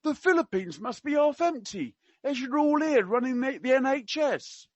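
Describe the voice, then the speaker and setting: A man putting on a blunt, tactless elderly gentleman with an attempted Cockney accent, his pitch pushed up for the quips. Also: lively intonation, moderate pace, dry recording, lo-fi sound. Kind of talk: comic impression in a podcast reading.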